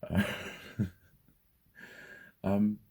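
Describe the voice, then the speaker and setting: Male vlogger, low husky voice, rambling sweary rant, heats up fast. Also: flat delivery, darkish tone. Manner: sweary, rambling, gets heated. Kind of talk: casual rant to camera.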